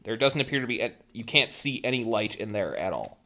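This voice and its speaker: Bright-voiced man running a tabletop game. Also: lowish voice, very animated, a little fast. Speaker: game master.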